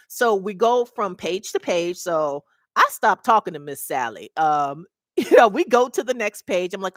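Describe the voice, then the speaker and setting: A woman's voice: medium pitch, very animated, a little slow, dry recording, studio quality. A middle-aged woman and mobile notary mentor, telling a story casually to her webcam and acting out the voices of the people in it.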